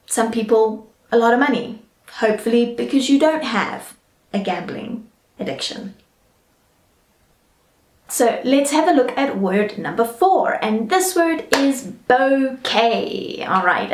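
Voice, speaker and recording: A woman with a British English accent teaching English pronunciation in a chatty way, often checking in with "all right?" and slowly modelling each word. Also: fairly high pitch, echoey room. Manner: slow, careful model pronunciations. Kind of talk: online English lesson.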